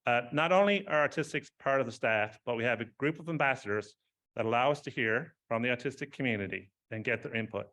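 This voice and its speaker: A man's voice: mid-range voice, fast talker, bright, forceful tone. A man giving an informal speech at an award ceremony, rambling, with many fillers and frequent laughs.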